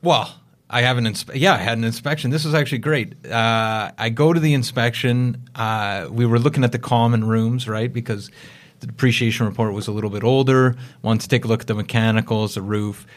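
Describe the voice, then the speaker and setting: A man's voice: mid-range voice, a little fast. A man chats on a casual real-estate podcast. He tells stories in a rambling way, full of restarts. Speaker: podcast co-host, realtor. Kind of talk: casual chat.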